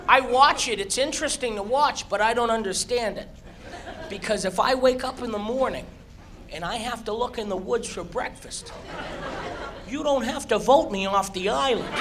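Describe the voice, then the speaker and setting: High-voiced man doing stand-up comedy. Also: background noise. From Massachusetts, USA. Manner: animated storytelling with shouted squeals and acted-out voices. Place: comedy club stage. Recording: live club recording with crowd. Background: audience laughter.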